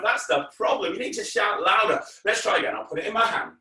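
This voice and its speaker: A man performs a kids' magic show, chatting playfully with the children and feigning frustration whenever a trick goes wrong. His high voice is bright and forceful at a moderate pace, captured on a distant mic in an echoey room.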